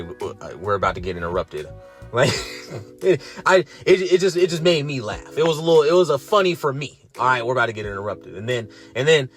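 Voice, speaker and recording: A young man ranting sarcastically through a wrestling show review, swearing freely and pitching his voice up in disbelief. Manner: profane, sarcastic, exasperated, voice rising in disbelief.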